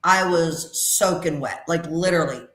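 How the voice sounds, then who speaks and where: A woman's voice: low voice, normal speed, a bit bright, roomy sound. A middle-aged woman working as a psychic medium on a call-in radio show, talking in a chatty, emphatic way and repeating her phrases. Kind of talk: casual radio call-in readings.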